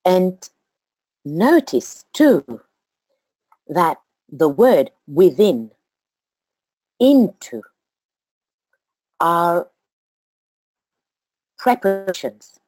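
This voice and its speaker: A woman giving a slow, deliberate study talk to a group, counting out syllables as she teaches. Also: lowish voice, big pitch swings, a little mellow, dry recording.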